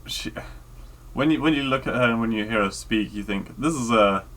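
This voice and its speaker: A man co-hosting a casual podcast chat, talking hesitantly with many pauses and fillers. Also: mid-range voice, fairly bright tone. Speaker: podcast co-host.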